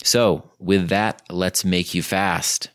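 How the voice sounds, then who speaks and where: A man hosting a podcast, reading a scripted intro while ill and losing his voice, so his voice sounds deep and gravelly. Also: fairly even intonation, takes it slowly, fairly bright tone, no echo, studio quality. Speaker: podcast host.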